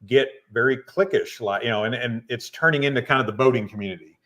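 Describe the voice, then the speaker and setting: A relaxed man from North Arkansas, chatting as a podcast guest. He rambles in an easygoing way and fills his sentences with "you know" and "um." His pitch sits in the middle range. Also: quick pace. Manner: laid-back, rambling with many fillers. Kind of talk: casual chat.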